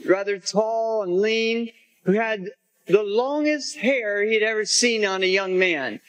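A male priest telling a story as part of a homily, gently and without hurry. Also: high voice, slow pace, low-quality recording.

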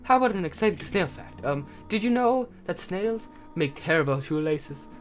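A man voicing a gentle, motherly female goat monster, reading her game lines softly in a put-on accent. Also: high-pitched, animated, normal speed, soft background music, voice pushed up. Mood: cheerful. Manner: soft, kindly, doting, speaks in an accent. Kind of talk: reading game dialogue aloud.

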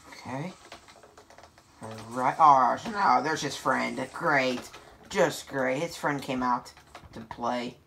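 A woman hosting a gameplay video, giving excitable, sarcastic running commentary to her viewers. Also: very deep voice, takes it slowly, slight background noise.

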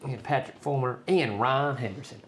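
A man's voice: mid-range voice, moderate pace, noisy background. A man co-hosting a whiskey livestream, dry and teasing, reading out viewers' names in casual banter.

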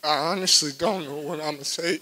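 A young man crying as he gives a halting, emotional eulogy for a friend at a memorial service. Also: on the high side, steady tone, bright, forceful tone, low-quality recording. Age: young adult. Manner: emotional, halting, repeats phrases.

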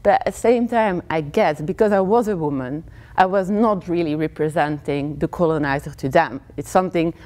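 A Belgian woman in her thirties with a Flemish accent and Dutch as her first language, giving a university talk as a criminology lecturer, telling her stories in a lively way and laughing between points. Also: deep voice, moderate pace.

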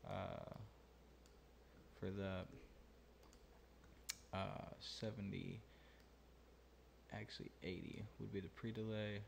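Speaking low with a creaky edge, this channel host and mixing engineer talks casually through a mixing tutorial. He muses out loud, filling pauses with ums and uhs, over slight background noise.

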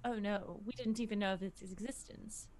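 A woman's voice: mid-range voice, steady tone, normal speed, a little mellow, close to an everyday voice. A woman playing a flustered noble adventurer. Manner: hesitant, apologetic, stammering.

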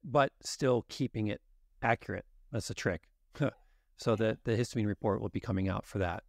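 A man's voice: fairly low pitch, moderate pace, creaky, a little mellow, no room sound, studio quality. A man as a guest expert on a podcast interview, explaining in detail and acting out exchanges with patients. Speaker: guest expert on genetics and nutrition.

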